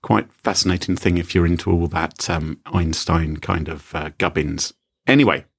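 A man's voice: low-pitched, moderate pace, gravelly, husky. A man co-hosting a podcast in casual chat, playful and teasing as he tells a story. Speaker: podcast co-host.

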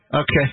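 A man hosting a joking studio show, teasing and playful, often stopping and restarting his sentences. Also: no room sound. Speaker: show host. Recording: tinny phone-like audio.

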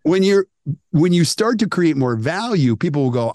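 A man coaching dental teams on a podcast, emphatic and animated, acting out what customers say. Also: on the high side, moderate pace, no room sound, studio quality. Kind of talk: energetic podcast talk.

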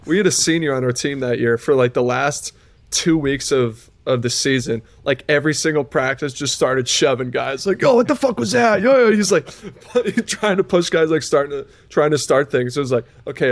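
A man's voice: mid-range voice, a little fast, dry recording. A man co-hosting a sports podcast, telling a rambling anecdote with hesitant restarts. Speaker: podcast co-host, former college player. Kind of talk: casual storytelling chat.

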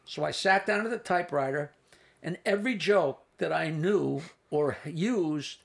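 Gravelly comedian in his sixties. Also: a little high, measured pace. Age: 60s. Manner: rambling anecdotes with asides and restarts. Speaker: comedian guest. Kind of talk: storytelling in a casual interview.

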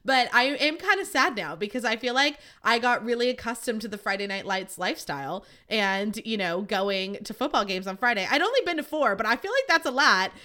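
Bright, chatty young woman podcast host. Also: on the high side, lively intonation, brisk, hardly any pauses. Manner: chatty, swears freely, acts out quotes in a raised voice. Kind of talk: casual chat.

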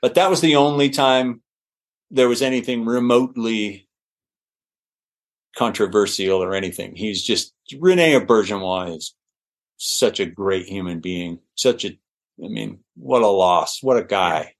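A middle-aged man, an actor guest on an interview show, telling anecdotes in a lively way with laughs and restarts. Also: lowish voice, a little slow. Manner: animated, laughing, with restarts and fillers. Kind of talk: anecdotal storytelling.

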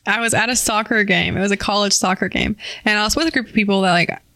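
A woman of twenty co-hosting a podcast, telling stories in a lively chatty way. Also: mid-range voice, fast, no room sound. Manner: animated storytelling with frequent laughs. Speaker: podcast co-host. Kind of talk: casual chat.

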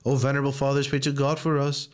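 A man chanting liturgical prayers in a solemn, steady recitation. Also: mid-range voice, fast talker, clear, resonant tone. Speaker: reader of prayers.

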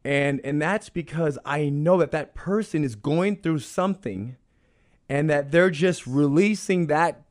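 A jiu-jitsu instructor appears as a guest on an interview podcast, speaking unhurriedly in a fairly high-pitched voice. He explains things earnestly and repeats phrases for emphasis.

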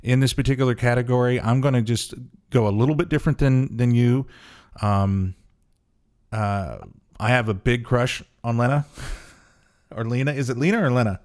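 A man co-hosting an awards-prediction chat, easygoing and pausing often with "uh" and "um". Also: mid-range voice, darkish tone. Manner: easygoing, fills pauses with "uh" and "um". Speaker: podcast co-host. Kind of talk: casual chat.

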